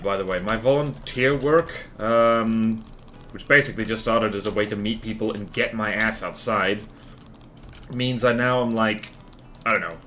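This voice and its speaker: Fairly low-pitched and a bit bright, a man's voice comes through with a little hiss or hum. He's streaming a building game, rambling playfully and poking fun at himself.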